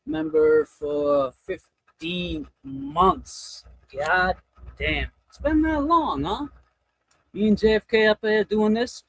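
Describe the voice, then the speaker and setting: A man's voice: high-pitched, measured pace, no echo, poor audio. A man hosting a casual livestream, reading out super chats and thanking viewers by name, stressed and overwhelmed. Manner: animated, thanking viewers one by one. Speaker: livestream host.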